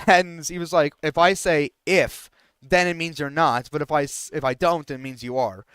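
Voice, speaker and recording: A young man streamer tells a story in a casual, rambling way, starting over often and filling gaps with fillers. His voice is smooth and somewhat high. The sound is dry and close. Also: steady tone, moderate pace, a bit bright, no echo. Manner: rambling, frequent restarts and fillers; indignant. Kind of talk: casual storytelling while gaming.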